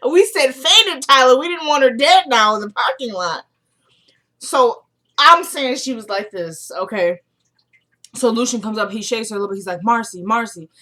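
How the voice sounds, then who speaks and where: A woman's voice: a little high, lively intonation, moderate pace, pushed and bright. Chatty young woman recapping a show. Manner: chatty, retells scenes by quoting characters. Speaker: TV episode recap vlogger. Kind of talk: casual recap chat.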